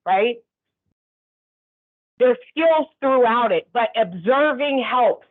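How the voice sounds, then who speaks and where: A woman's voice: a little high, animated, takes it slowly, long pauses. A woman instructor giving a conversational training lecture, often checking in with the class. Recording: tinny phone-like sound.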